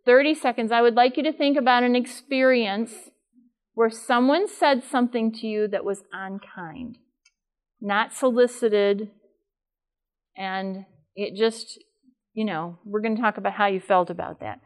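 A woman's voice: fairly high pitch, a little slow. An older woman giving a live talk to an audience in a room, chatty and asking them questions. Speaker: speaker at a workshop.

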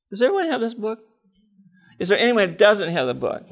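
Gravelly high-voiced older male preacher. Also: brisk. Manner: animated storytelling, laughing, acting out dialogue. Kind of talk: personal testimony sermon.

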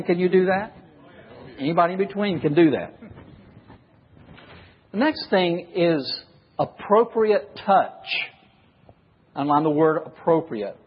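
A man's voice: sits high, measured pace, long pauses, husky. A man preaching a sermon to a congregation, questioning the listeners and acting out examples. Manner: questions the audience and acts out examples. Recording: dull recording with long hall reverb.

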